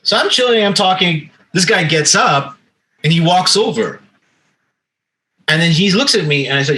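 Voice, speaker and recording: Animated, lively storytelling man. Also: on the high side, normal speed, low-quality recording. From Canada. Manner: animated, profane, acts out quotes. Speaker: podcast host. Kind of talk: casual storytelling.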